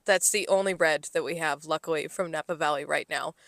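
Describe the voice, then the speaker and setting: A woman's voice: low-pitched, fairly even intonation, a little fast, creaky, fairly bright tone, dry recording, studio quality. A young woman co-hosting a casual podcast, venting about customers and mimicking them, with plenty of swearing. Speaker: podcast co-host, restaurant server. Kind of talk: casual chat.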